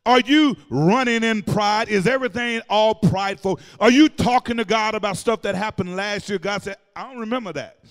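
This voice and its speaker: A male pastor preaching to his congregation, his voice pitched strikingly high. He drives the sermon with call-and-response, at times shouting and at times half-singing his lines. The sound rings with the long reverb of a church sanctuary. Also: normal speed, hardly any pauses, smooth.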